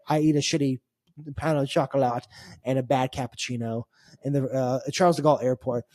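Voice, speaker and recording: A man tells a long-winded travel story on a casual podcast. He rambles and restarts, wry and a little exasperated, and his voice sits a bit high for a man. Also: a little mellow, no echo, clean studio sound. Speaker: podcast co-host. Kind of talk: casual chat.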